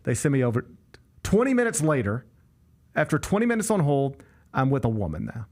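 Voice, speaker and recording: Man, talk show host, gravelly, lively swinging pitch, exasperated storyteller. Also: a little fast. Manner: animated, exasperated, acts out the people in his stories. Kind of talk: casual storytelling chat.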